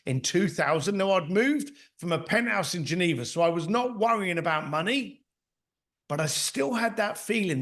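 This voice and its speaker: A middle-aged man on a podcast tells blunt, down-to-earth anecdotes and acts out the other people in them. His voice sits high for a man. It swoops up and down with lively expression. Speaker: podcast guest, author and mentor. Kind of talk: conversational storytelling.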